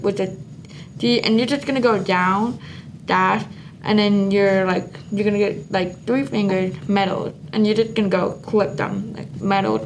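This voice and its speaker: A teenage girl teaching sign language step by step, talking slowly with many pauses and fillers. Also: mid-range voice. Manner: slow, halting instructions with lots of "like". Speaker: student sign language presenter. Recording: noisy room.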